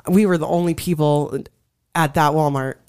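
A young woman tells her story as an interview guest, lively and expressive, often acting out her own words and those of others. Her voice is smooth and clear, and it sounds close and dry, with no room echo. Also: sits low, moderate pace. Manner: animated storyteller, acts out her own quotes. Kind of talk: testimony in a faith interview.

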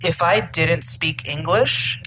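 A woman with a notably low voice talks through a film in casual podcast chat. She is thoughtful and dry, with small asides about her own opinions. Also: takes it slowly.

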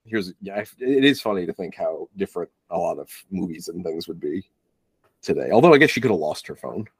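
A man with a lowish voice that swings widely and expressively talks through a film with a co-host, joking and putting on little voices for the characters. The sound is dry and close, with no room around it. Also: fairly quick, husky, no room sound. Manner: animated, joking, acts out lines in silly voices. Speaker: podcast co-host. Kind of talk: casual movie review chat.

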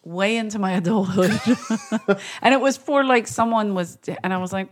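A woman's voice: mid-range voice, normal speed. A woman comedian, a guest on a podcast, chatting casually and laughing between her phrases. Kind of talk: casual chat.

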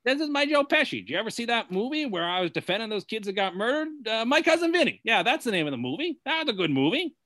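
A man's voice: big pitch swings, quick pace, few pauses, no echo, heavily acted. A man putting on the voice of a cocky New tough guy, in a podcast chat. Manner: higher, louder, brash delivery. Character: brash wisecracking New York tough guy, male.

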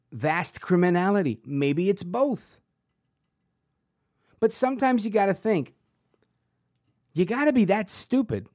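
A man with a high yet darkish voice hosts a political commentary show, delivering an opinionated monologue that is sarcastic, punchy, and packed with rhetorical questions. The recording is dry and studio quality.

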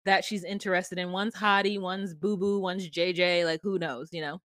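A woman's voice: fairly low pitch, steady tone, normal speed, a bit bright, no echo, studio quality. A woman co-hosting a podcast, casually recapping a reality show with sarcastic, profane commentary and acted-out quotes. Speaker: podcast co-host.

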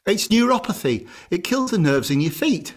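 A man's voice: sits high, very animated, moderate pace. Blunt, jokey man in his sixties. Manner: blunt, jokey, swears casually. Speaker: podcast co-host, chef. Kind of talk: casual chat.

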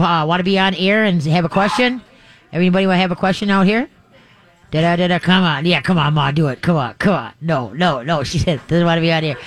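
Man, radio host, dog advice, high voice, rambling and folksy, live remote broadcast. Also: fairly bright tone. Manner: rambling, folksy, many restarts.

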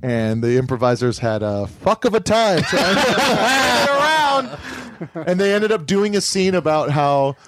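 A man's voice: sits high, very animated, a little slow, very noisy. A man hosting a comedy podcast, rambling casually with frequent fillers and laughter. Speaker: podcast host.

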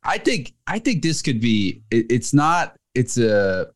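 A man's voice: mid-range voice, sing-song, a little slow. A man from New Jersey, a guest on a podcast, talking about cars with enthusiasm and frequent restarts. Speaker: guest, magazine editor. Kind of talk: casual chat.

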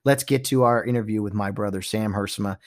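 A man's voice: fairly low pitch, fast. A man hosting a podcast, ranting casually about sports and acting out quotes in mock voices and whispers. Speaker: podcast host.

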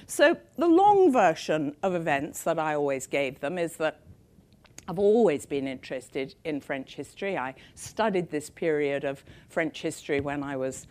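An older English woman speaking to an audience about her book, with a somewhat low voice. She tells her story conversationally, pausing with ums and restarts. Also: expressive, darkish tone. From England. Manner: conversational storytelling with frequent fillers. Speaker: author giving a talk. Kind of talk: public talk to an audience.

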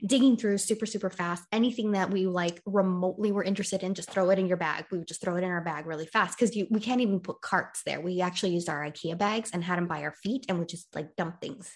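A woman's voice: lowish voice, fast, hardly any pauses. A young woman co-hosting a casual chat, telling stories with energy and acting out the voices in arguments. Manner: animated storyteller, acts out quoted arguments.

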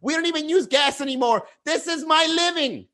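A man shouting as a stubborn, defiant coffee seller. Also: very high-pitched, normal speed, pitched above the performer's own voice.

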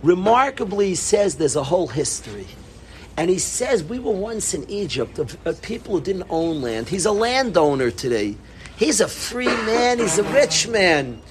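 A middle-aged man giving an animated Torah talk to students, repeating himself and bursting into emphatic calls. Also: high voice, normal speed, slight background noise. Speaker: yeshiva rabbi.

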